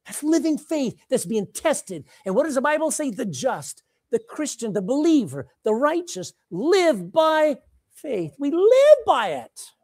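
A woman preaching a sermon, dramatic and animated, repeating phrases for emphasis and swinging between loud and hushed. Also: high voice, measured pace, dry recording, studio quality.

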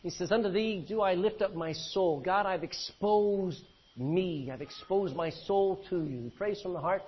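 A man's voice: high voice, normal speed, hardly any pauses, breathy edge, dull audio. A man preaching an expository sermon. He reads scripture verse by verse, then explains it with questions to the congregation. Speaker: pastor.

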